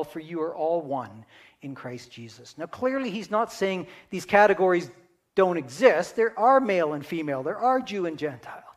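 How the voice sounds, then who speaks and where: A man preaching a sermon in a conversational teaching manner, often checking in with his listeners. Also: high voice. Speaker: pastor.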